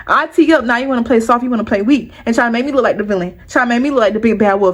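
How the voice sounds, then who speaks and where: A young woman vlogger telling a personal story to her viewers in an animated, heated, profane way. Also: fairly high pitch, quick pace, hardly any pauses.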